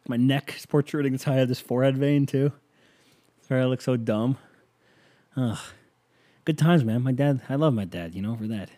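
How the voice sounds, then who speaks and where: A man hosts his podcast in a loose, rambling solo monologue full of self-mocking jokes. His voice is mellow and relaxed, at an ordinary pitch. The sound is dry, with no room echo. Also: normal speed, long pauses. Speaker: podcast host.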